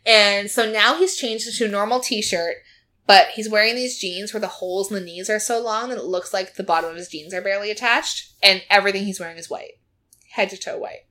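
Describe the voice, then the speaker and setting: A woman with a bright, forward voice tells a story in a casual chat. She keeps talking, fills her lines with "like" and acts out what people said. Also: medium pitch, fairly quick. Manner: chatty storytelling, acting out quotes, frequent "like". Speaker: podcast co-host recapping a reality show.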